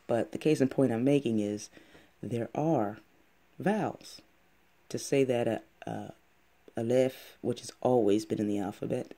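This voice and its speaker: A man explaining in a casual, rambling monologue, halting often and restarting his sentences as he goes. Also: mid-range voice, vocal fry, dark tone. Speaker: channel host.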